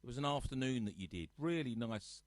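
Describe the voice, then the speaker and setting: A man's voice: medium pitch, animated, brisk, dry recording. A man casually chatting to live viewers on his home sofa show, teasing them and reading out their comments. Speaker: host of a live-streamed music show.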